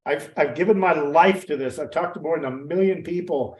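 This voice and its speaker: A man's voice: on the high side, a little fast. Older male guest presenter, heartfelt and earnest, echoey call audio. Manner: earnest, heartfelt, with many restarts. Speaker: guest presenter, nature interpreter. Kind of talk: presentation to educators.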